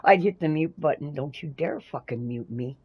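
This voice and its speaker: A Canadian woman streaming a game live, chatting casually, swearing freely and breaking into loud playful outbursts. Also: low voice, animated, moderate pace, husky, muffled recording. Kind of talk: casual live-stream chat while gaming.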